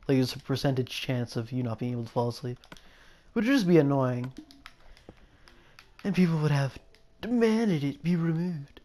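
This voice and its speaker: This young gameplay host has a warm, mid-range voice. Commenting casually, he muses and rambles, often breaking off mid-sentence to start over.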